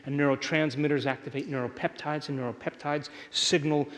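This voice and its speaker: A man delivers an emphatic motivational lecture and keeps checking in with his live audience. His voice sits fairly high for a man. It rings with the long reverb of a large hall. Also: fairly even intonation, a little fast, fairly bright tone. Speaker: workshop speaker.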